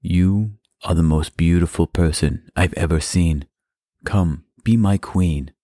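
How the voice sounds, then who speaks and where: A man plays an easygoing king eager to throw a big party. His voice is very low and dry, in a playful kids' storybook style. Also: takes it slowly, warm tone, no echo. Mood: excited. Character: carefree partying male king.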